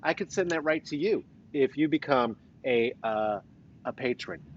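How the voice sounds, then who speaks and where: A man's voice: mid-range voice, animated, moderate pace, a little hiss or hum. A man with a Colorado accent and traces of the East Coast, hosting a casual livestream with playful, rambling, jokey asides. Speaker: host. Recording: slightly dull lo-fi sound.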